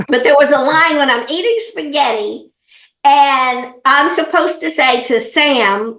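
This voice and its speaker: Southern comedian lady, middle-aged, chatty and folksy, roomy echo. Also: high voice. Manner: animated storyteller, laughs often, folksy. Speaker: comedian and actor, interview guest. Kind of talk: casual interview chat.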